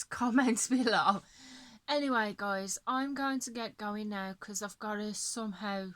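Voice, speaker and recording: A woman's voice: medium pitch, a bit bright, no room sound. A tired woman chatting casually about her coloring pages, yawning and apologetic. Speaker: coloring channel host. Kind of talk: casual show-and-tell chat.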